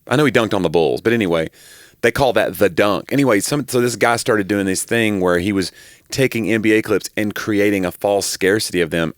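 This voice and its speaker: A man with a somewhat low voice co-hosts a podcast in easygoing chat. He wanders through tangents and pokes fun at himself. The sound is dry and close. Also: no room sound. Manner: rambling, self-deprecating storyteller. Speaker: podcast co-host. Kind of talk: casual chat.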